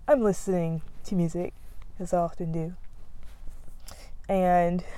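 A woman's voice: medium pitch, warm tone. A young woman podcaster chatting casually outdoors, rambling off on tangents, laughing and losing her words. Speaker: podcast host. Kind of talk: casual chat. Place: outdoors, near a road.

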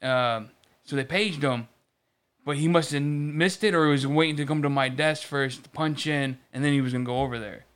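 A man's voice: a little high, moderate pace, fairly bright tone, smooth. A man in casual chat, telling a long story about work with lots of restarts and swearing. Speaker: podcast co-host.

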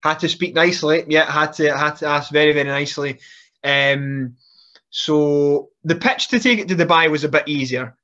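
Man with a muffled, animated voice. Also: fairly high pitch, normal speed. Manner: animated, laughs through stories, frequent restarts. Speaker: podcast guest, wrestler. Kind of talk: casual storytelling.

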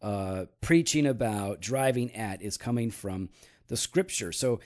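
A man hosting a casual talk show, explaining calmly with many fillers and teasing his co-host. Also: on the low side, unhurried. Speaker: podcast host. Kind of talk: casual teaching talk about church history.

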